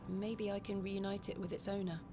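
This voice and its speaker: A woman with a British accent voicing a composed female investigator in a video game, speaking in a measured, reserved way. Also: mid-range voice, little pitch movement, dark tone, a little hiss or hum, lightly acted. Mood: calm. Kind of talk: video game character dialogue.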